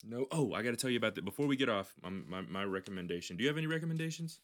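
A man's voice: fairly low pitch, animated, rapid-fire. A man hosting a podcast, telling a long story in casual chat, rambling and swearing, with frequent restarts. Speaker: podcast host.

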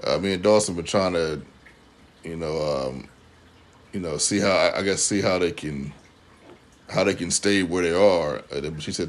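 A man's voice: low voice, normal speed. A man co-hosting a casual TV recap chat, retelling scenes and acting out the characters' lines. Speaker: podcast co-host.

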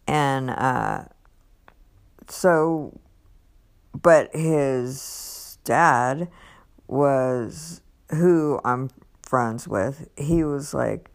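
A woman's voice: very slow, creaky, pauses often. A woman casually telling a personal story, rambling with lots of fillers and restarts and acting out other people's lines. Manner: acts out others' lines with raised pitch.

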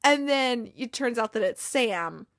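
A woman giving a casual, animated recap of a TV episode, swearing freely and acting out the characters' lines. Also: on the high side, a little slow, no room sound, clean studio sound.

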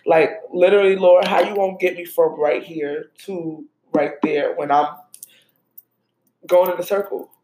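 A woman's voice: lowish voice, fairly even intonation, unhurried, noisy background. Woman podcast host, casual faith talk and prayer, emotional and chatty, echoey room. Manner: conversational, emotional, addresses listeners as y'all. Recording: roomy echo.

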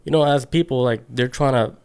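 A man's voice: mid-range voice, a little fast, creaky, a little mellow, clear, resonant tone. A man co-hosting a podcast, rambling in a laid-back way with lots of fillers. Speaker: podcast co-host. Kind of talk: casual podcast chat.

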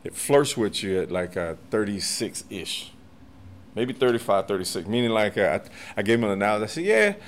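A man's voice: on the low side, fairly quick, slight background noise. A man in his forties or older, chatting casually on a podcast, swearing freely and laughing as he tells stories. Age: 40s or older. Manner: profane, animated, laughs often. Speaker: podcast guest, martial arts master. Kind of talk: casual storytelling chat.

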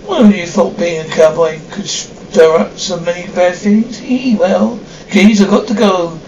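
A high, cackling ghoulish horror host with a giggling, wisecracking delivery. The voice comes from a distance in a dull, roomy TV soundtrack with faint background noise. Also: male voice, measured pace, darkish tone. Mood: gleeful.

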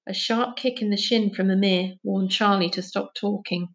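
A woman reading a children's novel aloud, narrating in a clear, steady way. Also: medium pitch, moderate pace, muffled recording. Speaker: audiobook reader. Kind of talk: storybook narration.

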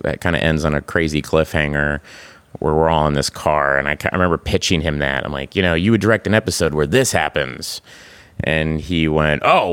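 A man in his forties, a guest in a casual interview, talking in a halting way with many restarts and laughs. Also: sits low, fairly bright tone, clean tone, dry recording. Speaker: guest, actor and creator.

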